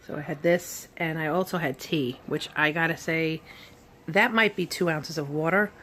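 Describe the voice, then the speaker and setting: A woman vlogging at home while recovering from surgery, tired and in pain, talking in a halting, rambling way full of fillers and restarts. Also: sits low, a bit bright, a little hiss or hum. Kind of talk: casual recovery vlog. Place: at home, sitting in bed.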